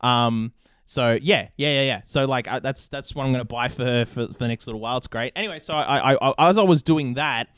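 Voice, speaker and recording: Young aussie guy hosting a podcast, rambly and sweary, mid pitch, dead dry sound. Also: brisk, a bit bright, clean tone, dry recording. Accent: Australian. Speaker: podcast host. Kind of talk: casual chat.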